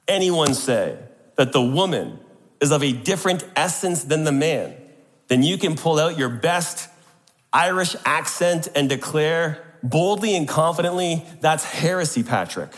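Guy preaching in a church, kinda high voice, lots of rhetorical questions, big echoey hall. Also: lively intonation, unhurried. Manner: emphatic, rhetorical questions to the congregation. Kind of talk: sermon.

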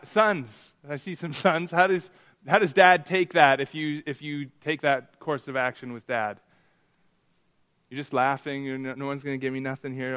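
A man's voice: a little high, fairly bright tone. Man preaching conversationally to a congregation. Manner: conversational, asks the congregation questions; many restarts and repetitions. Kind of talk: interactive sermon. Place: church hall with a congregation.

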